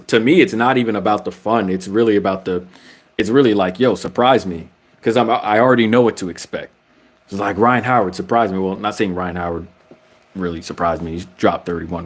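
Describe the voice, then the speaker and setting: A man giving his casual opinions on basketball in a vlog, slangy and full of restarts, his voice climbing when he gets worked up. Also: lowish voice. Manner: slangy, frequent restarts, rising when excited. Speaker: basketball commentator vlogger.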